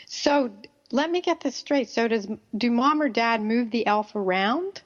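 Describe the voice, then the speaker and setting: A woman's voice: a little high, animated, measured pace, muffled recording. A woman hosting a radio show, chatty and friendly, who laughs easily. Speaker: radio host. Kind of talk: radio interview.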